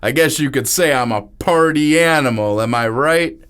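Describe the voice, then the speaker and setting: A man's voice: mid-range voice, moderate pace, a bit bright, smooth, voice pushed up, close to an everyday voice. Man playing a goofy corny party host. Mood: eager. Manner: corny, joking. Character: goofy clueless young man throwing a party.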